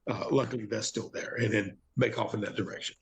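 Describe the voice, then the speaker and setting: A man playing in a tabletop role-play game, describing his moves with excited restarts. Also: on the low side, fast, gravelly, a little hiss or hum. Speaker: player.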